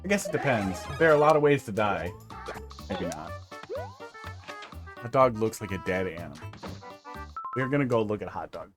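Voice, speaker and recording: A man's voice: on the low side, animated, normal speed, long pauses. Guy streaming games, chatty and jokey, voice jumps around a lot, faint music behind. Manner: chatty, rambling, jokey, hums to himself. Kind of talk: casual live-stream commentary.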